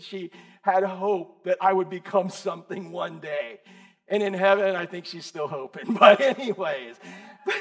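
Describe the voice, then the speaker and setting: A man's voice: high-pitched, fairly bright tone. A male pastor preaching a casual sermon, joking and calling on people in the congregation by name. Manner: joking, quizzes and calls on listeners by name. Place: church service with congregation.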